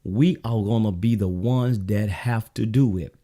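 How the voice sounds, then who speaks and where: Man, Southern US accent, low voice, mellow tone, blunt preachy monologue, talks straight to viewers. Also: a little slow. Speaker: show host. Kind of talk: political commentary monologue.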